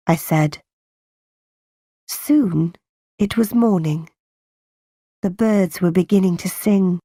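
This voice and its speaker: A woman narrates a graded reader at a very unhurried pace, each word set apart for learners. Her voice sits a little low and is recorded close with no room sound. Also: mellow, no echo. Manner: slow, careful, clearly spaced reading for learners. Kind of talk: slow graded-reader storytelling.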